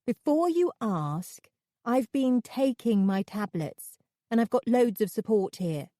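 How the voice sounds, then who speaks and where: A woman's voice: fairly high pitch, animated, slow pace, mellow, dry recording, studio quality, voice pushed up. A woman doing a blunt, teasing younger sister. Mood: brusque. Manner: cheeky and brusque.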